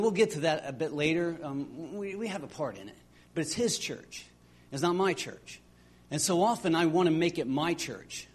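Earnest, husky-voiced preacher man. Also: on the high side. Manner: earnest, halting, with frequent restarts. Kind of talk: sermon.

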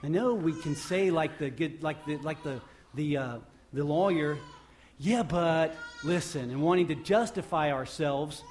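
A male pastor preaching a sermon off the cuff, swinging from loud emphatic bursts to quiet low passages and often restarting his phrases. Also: normal speed, hardly any pauses, a little hiss or hum. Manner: repeats and restarts phrases while speaking off the cuff.

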